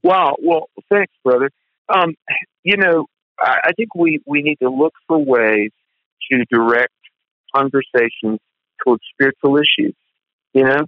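Male guest, lively storyteller, dry phone-line sound, middle pitch. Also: measured pace, pauses often, no echo. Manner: animated storyteller, quotes others in his voice. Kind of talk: conversational testimony.

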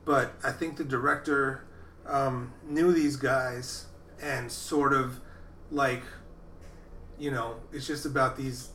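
Talking films on a casual podcast he co-hosts, this man rambles and keeps cutting himself off to start over. His medium-pitched voice is steady, slow and a bit bright, in a reverberant recording with a little hiss or hum.

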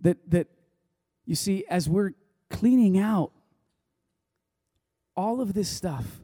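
A man's voice: sits high, lively intonation, slow, dark tone, husky, no room sound, studio quality. A man preaching a sermon, telling a personal story in a loose, conversational way with many restarts. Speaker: pastor.

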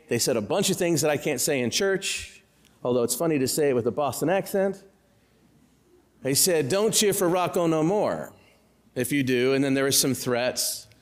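A male pastor giving a sermon, telling stories with humor and talking directly to the congregation. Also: mid-range voice. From Central Illinois. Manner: storytelling with humor, conversational asides to the congregation. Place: church. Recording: long hall reverb in a church.

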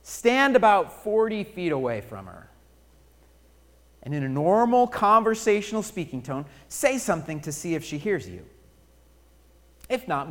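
A male preacher playing a family doctor who calmly gives quiet, matter-of-fact instructions. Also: fairly high pitch, pitched below the performer's own voice. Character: calm family doctor giving advice.

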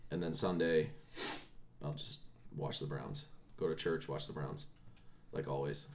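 A man with a sore, strained voice, mumbling through casual chat in a low-key way that trails off. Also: unhurried, vocal fry, slight background noise.

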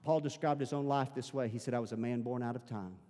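A man's voice: medium pitch, quick pace, mellow, big-room sound. A man preaching a sermon as pastor, emphatic and repeating his phrases to urge the congregation on. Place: church sanctuary.

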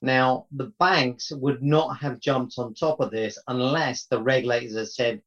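A man's voice: mid-range voice, steady tone, moderate pace, hardly any pauses. A man in a podcast discussion, arguing his points and tagging them with questions. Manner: tag questions, argumentative, ends points with "right?". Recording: dull lo-fi audio.

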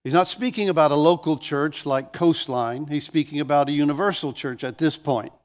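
A man's voice: a little high, a little fast. A man pastor preaching a sermon, telling stories with animation and often restarting phrases.

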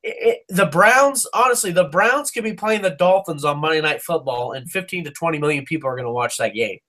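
A man's voice: a little high, lively intonation, brisk, pushed and bright. A man co-hosting a casual sports podcast, ranting with heat, swearing and stumbling over restarts. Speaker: podcast co-host.

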